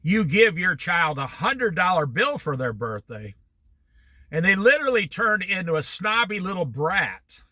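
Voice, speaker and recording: A man leading a Bible study, telling a family anecdote with animated storytelling and frequent laughter. His voice is high, very bright, and sharp. The recording is dry and close. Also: unhurried, dry recording.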